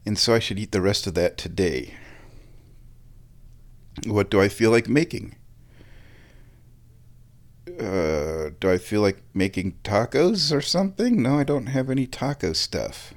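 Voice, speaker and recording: A man's voice: fairly low pitch, animated, a little slow, pauses often. A man chatting casually to viewers, thinking aloud and searching for words as he rambles from topic to topic. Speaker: vlogger. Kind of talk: casual rambling chat while watching sport.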